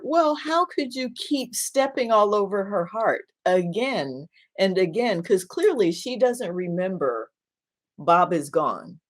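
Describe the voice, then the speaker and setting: A female minister gives an earnest teaching talk on caregiving and tells a story along the way. She frequently repeats words and restarts sentences, slowing down when she wants to stress a point. Her voice is mid-range and very animated.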